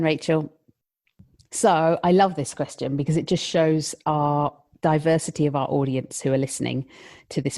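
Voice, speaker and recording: A woman with a low, mellow voice speaks as a lactation consultant on a podcast. She talks in a heartfelt, emotional way, at times dropping almost to a whisper. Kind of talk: podcast conversation.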